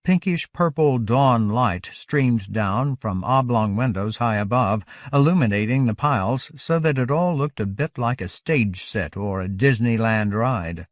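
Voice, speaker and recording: A man narrating a novel aloud in a measured, steady audiobook reading. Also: mid-range voice, no room sound. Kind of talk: scripted narration.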